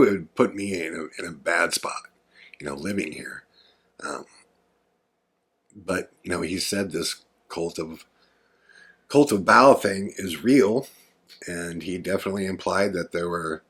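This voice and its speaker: Deep gravelly man telling a story. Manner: rambling, conversational, with frequent fillers. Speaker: podcast host. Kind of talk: casual storytelling monologue.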